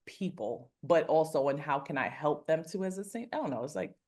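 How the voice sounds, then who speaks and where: Woman, low voice, earnest and rambling, casual interview guest. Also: expressive, a little fast, darkish tone. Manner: earnest, rambling, frequent fillers. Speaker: celebrity makeup artist and mentor. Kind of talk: casual faith-focused interview talk.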